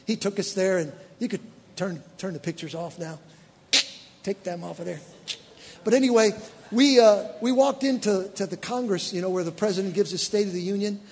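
A man preaching as a pastor, telling stories in an animated, exclaiming way. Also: sits high, moderate pace. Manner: animated, exclaiming storyteller with bursts of excitement. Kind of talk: sermon storytelling. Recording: church hall reverb.

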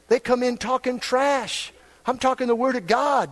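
An older man preaching a fiery sermon, dropping low and then building to shouts. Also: normal speed. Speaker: pastor.

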